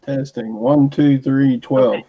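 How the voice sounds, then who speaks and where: A man chatting on a video call, rambling through a list of items with pauses. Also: medium pitch, fairly even intonation, muffled recording, noisy background. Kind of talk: casual chat. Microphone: computer mic on a video call.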